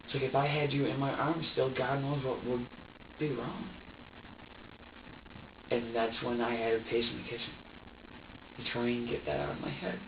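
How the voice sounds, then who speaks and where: Halting man in an echoey interrogation room. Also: mid-range voice, steady tone, gravelly. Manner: halting, repeating words, swearing, quoting himself. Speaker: suspect being questioned. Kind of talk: police interrogation recording. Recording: roomy, distant, dull with hiss.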